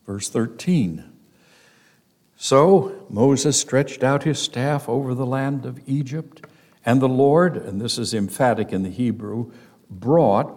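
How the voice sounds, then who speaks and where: Slow, emphatic male Bible teacher. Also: medium pitch, a little mellow. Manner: emphatic, slow and deliberate, stressing key words. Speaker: pastor.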